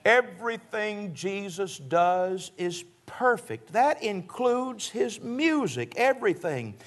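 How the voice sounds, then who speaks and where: A man's voice: high voice, sing-song, slow. A man preaching a sermon in a church service, folksy and joking, often chuckling as he talks.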